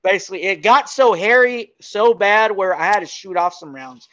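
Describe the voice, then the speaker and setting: A man telling a story as a podcast guest in casual, animated chat, often laughing. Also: high voice, moderate pace, dry recording, muffled recording.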